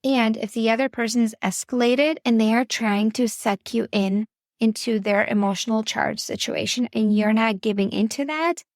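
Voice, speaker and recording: A woman's voice: on the high side, vocal fry, darkish tone, no room sound, studio quality. A woman podcast host and parenting coach giving earnest, faith-based coaching talk straight to the listener. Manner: earnest, instructive, addresses listener directly.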